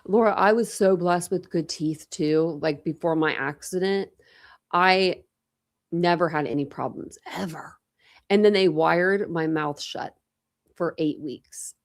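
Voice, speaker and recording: A woman's voice: on the low side, a little slow. A young woman hosting a casual live stream, rambling and chatting with viewers, restarting her sentences. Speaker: true crime channel host.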